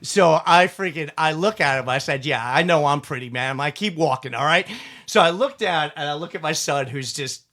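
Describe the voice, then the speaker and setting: Middle-aged male podcast host, higher voice, profane and animated storyteller who laughs a lot. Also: normal speed. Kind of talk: casual storytelling chat.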